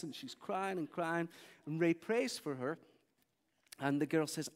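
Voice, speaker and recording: In a large church hall with a long reverb tail, a brisk, rather high-voiced man preaches. His sermon is built on stories, and he animatedly plays out each character's quoted lines.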